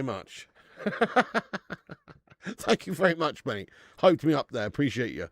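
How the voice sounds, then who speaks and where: Gravelly man hosting a football watch-along. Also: medium pitch, expressive, slow, long pauses, no echo, studio quality. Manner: casual and sweary, with loud bursts of hype thanking viewers. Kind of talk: live football watch-along chat reading out viewer tips.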